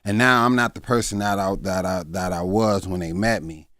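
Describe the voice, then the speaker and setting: A man in his fifties with a very deep voice speaks as a comedian guest in a candid interview. His talk is halting and reflective, full of fillers and restarts. The studio sound is dry and close, with no room echo. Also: steady tone, fairly bright tone. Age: 50s.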